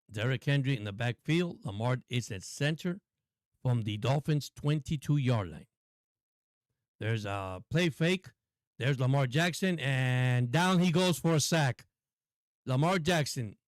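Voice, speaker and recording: A man's voice: medium pitch, no room sound, studio quality. A man hosting a casual live football stream, giving chatty play-by-play and talking to his viewers. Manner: chatty, laughs often, talks to viewers. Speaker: sports stream host.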